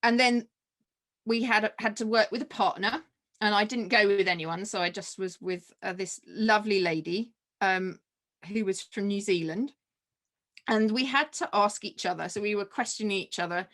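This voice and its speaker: Woman, podcast guest, casual storytelling, animated, acts out quoted dialogue. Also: medium pitch, normal speed. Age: adult with children.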